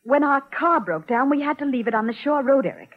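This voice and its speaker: An actress playing an anxious young wife calling for help in a 1940s radio soap, in a tinny old broadcast. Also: female voice, sits high, lively intonation, brisk. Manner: pleading, worried.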